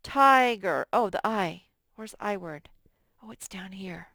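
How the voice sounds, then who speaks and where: In studio-quality audio with no echo, a woman teacher with a mid-range, fairly evenly intoned voice leads a recorded phonics lesson for young children. She's patient and slow, reasoning aloud as she sorts the words.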